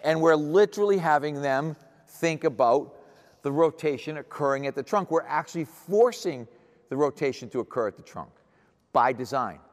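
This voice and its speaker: A man's voice: on the high side, expressive, normal speed. A man in his sixties giving a seminar lecture as a strength coach, blunt and emphatic, asking rhetorical questions. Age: 60s. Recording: echoey hall reverb.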